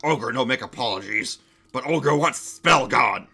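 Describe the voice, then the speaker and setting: Proud ogre in a tabletop game, slow broken talk, put on by a man GM. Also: medium pitch, lively intonation, pushed and bright, slightly rough, heavily acted. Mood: gruff. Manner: broken caveman speech, slow and heavy. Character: huge proud grumbling male ogre.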